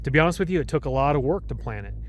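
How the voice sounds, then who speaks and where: A man talking in a casual, rambling vlog style as he skis, enthusiastic, speaking warmly about his faith. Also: on the high side, expressive, racing, slight background noise. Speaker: travel vlogger. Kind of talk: casual vlog narration while skiing. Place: outdoors on a ski mountain.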